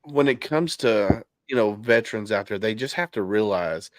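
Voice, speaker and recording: A man hosts a relaxed podcast conversation from his home. His voice sits on the low side and sounds dry, with no room echo. He talks candidly, circling back with restarts and fillers. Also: normal speed. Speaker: podcast host. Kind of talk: casual podcast chat. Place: home basement.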